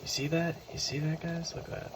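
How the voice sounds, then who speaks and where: A man's voice: fairly high pitch, little pitch movement, fairly quick, noisy background. A man hosting a casual cooking video in his home kitchen, rambling, correcting himself often and sometimes dropping to a whisper. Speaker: cooking channel host. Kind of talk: casual cooking ASMR chat.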